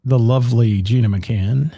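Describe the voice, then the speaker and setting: A man's voice: medium pitch, normal speed, vocal fry, dark tone. A middle-aged man from Ohio, co-hosting a casual live-streamed chat from home and greeting viewers by name. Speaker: co-host of a live-streamed talk show.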